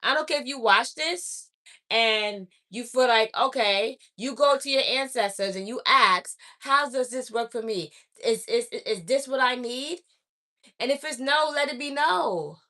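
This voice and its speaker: A woman with a bright, somewhat high voice delivers a spiritual message to her viewers. She is blunt and preachy, admonishing them and driving her points home through repetition. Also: lively intonation, unhurried. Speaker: spiritual oracle reader. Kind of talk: direct-to-camera spiritual message.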